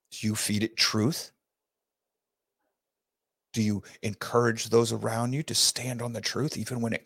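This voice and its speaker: A middle-aged man with a drawl hosts an opinion talk show in a gravelly, creaky voice. He sounds folksy and preachy. He pounds his points home with big swings in pitch, from soft asides to loud bursts. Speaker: host.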